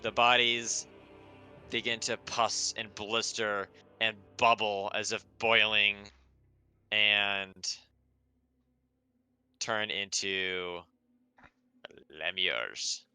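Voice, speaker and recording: A man narrating and running a tabletop game as game master, unhurried and hesitant with fillers. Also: fairly low pitch, fairly even intonation, sharp tone, smooth, dry recording, faint music behind.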